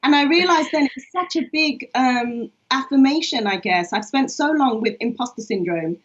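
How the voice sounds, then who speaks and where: A woman's voice: high voice, lively intonation, moderate pace, background noise. A woman poet, talking in a reflective, chatty way with many fillers over a video call. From England. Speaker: poet and co-host. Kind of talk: casual online conversation. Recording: dull lo-fi online stream.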